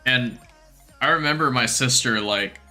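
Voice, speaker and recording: A young man chatting casually on a game live stream, self-mocking and quick to laugh. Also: medium pitch, bright, forceful tone, faint music behind.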